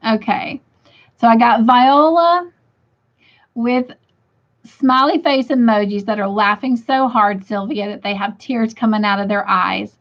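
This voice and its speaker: Giggly slow-talking woman host. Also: a little high. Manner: giggly, laughing often while reading comments aloud. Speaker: livestream host reading chat. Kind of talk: casual chat. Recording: dull lo-fi sound.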